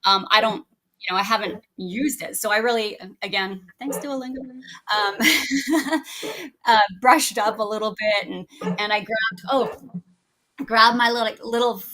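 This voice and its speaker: A woman's voice: on the high side, fairly even intonation, measured pace, pushed and bright, low-quality recording. A woman, a guest teacher chatting casually on a podcast, talking in an effusive way and often restarting her sentences. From Canada.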